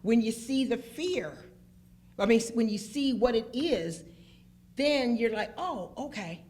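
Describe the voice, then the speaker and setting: Animated, emphatic woman storyteller. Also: fairly high pitch, slow pace. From Pittsburgh, Pennsylvania. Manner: animated, emphatic storyteller who acts out quotes. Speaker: phlebotomist guest. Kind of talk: casual panel chat.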